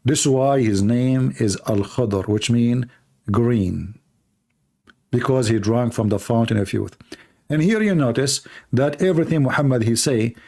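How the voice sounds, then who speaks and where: A man's voice: mid-range voice, darkish tone. A man hosting a livestream, giving mocking commentary in a sarcastic, jokey, repetitive way, with the grammar of a non-native English speaker. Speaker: livestream host.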